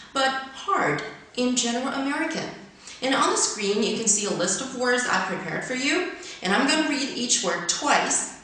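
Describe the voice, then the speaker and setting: A woman presenting an English pronunciation lesson, explaining clearly and reading word pairs carefully, her first language Chinese. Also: medium pitch, a bit bright. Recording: very echoey room.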